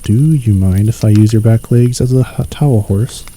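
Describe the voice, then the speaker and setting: A man's voice: lowish voice, moderate pace, warm tone, slight background noise, natural voice, low-quality recording. A man voicing a polite, fussy male rabbit in a storybook, speaking in a prim, pointed manner.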